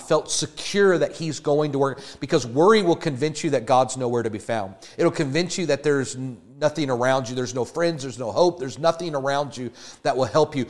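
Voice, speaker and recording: A man preaching a sermon, building emphatic repeated lines that rise in fervor. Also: mid-range voice. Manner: emphatic, rising to fervent repetition.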